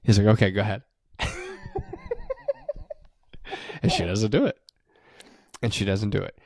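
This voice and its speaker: Heavy background noise surrounds a fast-talking podcast co-host with a fairly low voice. He recounts a movie casually and with lots of animation, cursing and performing what the characters say.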